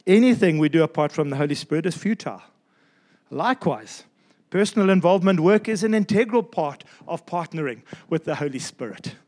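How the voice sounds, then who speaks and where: Emphatic high-voiced male pastor preaching. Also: expressive, a little mellow. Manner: emphatic, repeats key phrases, slows down for stress. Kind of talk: sermon.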